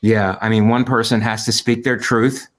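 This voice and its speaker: A man's voice: medium pitch, little pitch movement, moderate pace, a little hiss or hum. Rambling male comic on a video call. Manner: rambling, interrupts with jokes. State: over-caffeinated, short on sleep. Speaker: podcast co-host, comedian. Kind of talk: casual comedic chat.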